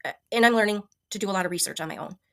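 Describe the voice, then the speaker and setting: A woman's voice: medium pitch, very fast, a bit bright. A woman in her fifties sharing a personal health story, earnest and emotional, with many ums and restarts. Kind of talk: personal testimonial.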